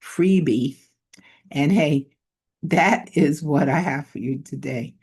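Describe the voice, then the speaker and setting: Lady chatting thru her marketing tips, modest, kinda thinking out loud. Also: low voice, takes it slowly, breathy edge. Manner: conversational, modest, thinks aloud. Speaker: online marketing coach. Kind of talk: casual tips talk to camera.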